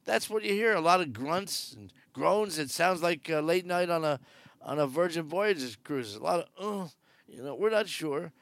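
A man's voice: fairly high pitch, expressive, moderate pace, vocal fry, a bit bright, no echo. A man giving casual, wry cruise news commentary from aboard a ship, joking sarcastically. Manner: chatty and wry, jokes sarcastically.

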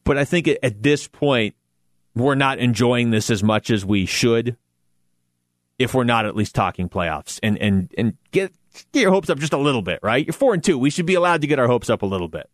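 A man's voice: medium pitch, a little fast, no room sound. Man talking football, dry studio sound. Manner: conversational, animated, self-deprecating asides. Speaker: sports radio host. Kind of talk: casual sports talk.

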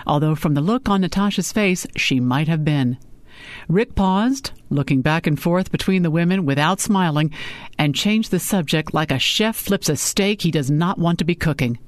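A woman narrating a novel in a steady storytelling manner. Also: low-pitched, no echo. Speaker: audiobook narrator. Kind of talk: scripted narration.

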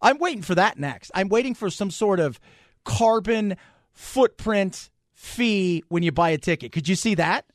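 Male talk radio host, ranting, sarcastic, lively swooping pitch, dry studio sound. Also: unhurried, dry recording.

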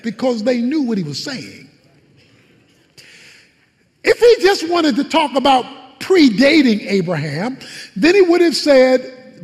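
High-voiced, animated male preacher. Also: big-room sound. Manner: animated, dramatic retelling with colloquial asides. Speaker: pastor. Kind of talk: preaching a sermon.

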